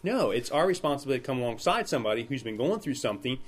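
A man's voice: medium pitch, sing-song, rapid-fire. Man teaching Bible study conversationally. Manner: conversational, retells scenes in acted quotes.

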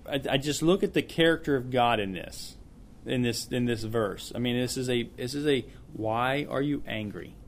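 A man's voice: mid-range voice, moderate pace, slight background noise. Earnest man leading a Bible study. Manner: earnest, repeats words as he thinks aloud. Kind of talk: informal Bible teaching to a small group.

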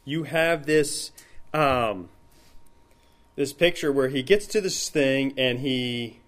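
A man's voice: mid-range voice, slow pace, fairly bright tone. Man teaching Bible study conversationally. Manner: conversational, retells scenes in acted quotes.

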